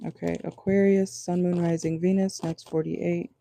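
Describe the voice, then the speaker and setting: Gravelly dark-voiced man reading tarot. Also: high voice, little pitch movement, normal speed, slight background noise. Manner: loose, chatty, reassuring, many fillers like "okay?". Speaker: tarot reader. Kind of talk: casual tarot reading monologue. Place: parked car.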